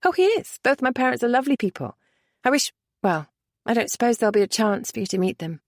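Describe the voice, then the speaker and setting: A woman voicing a strong-willed young lady who talks briskly and teases gently. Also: fairly high pitch, animated, no room sound, studio quality, voice pushed up. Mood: lively.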